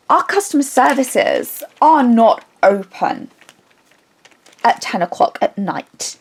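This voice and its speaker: Woman, craft vlogger, casual chat, animated rambling storyteller who restarts her sentences a lot. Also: on the high side, slow, slight background noise.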